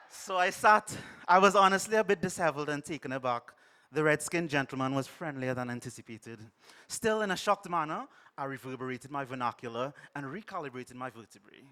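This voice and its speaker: A man's voice: high-pitched, expressive, brisk, pushed and bright. A young man with a Trinidadian accent performing comic slam poetry on a live stage, theatrical and punchy with heavy alliteration. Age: young adult. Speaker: spoken word poet.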